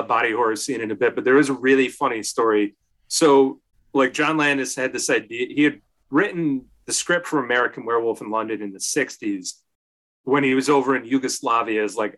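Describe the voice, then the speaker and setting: Casting: male co-host, relaxed film-chat storyteller, filler-heavy and lively. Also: mid-range voice. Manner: chatty storyteller, leans on "like", acts out quotes. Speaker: podcast co-host. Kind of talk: casual film discussion.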